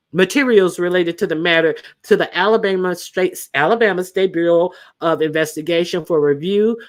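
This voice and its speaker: A woman hosting a live stream, talking bluntly and with lots of restarts as she recounts a news story. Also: on the low side. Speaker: channel host. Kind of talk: casual live-stream commentary.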